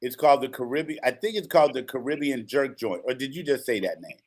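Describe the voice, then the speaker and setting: A man co-hosting a casual chat, relaxed and affirming, often saying okay and right. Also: medium pitch, fast talker. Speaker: co-host.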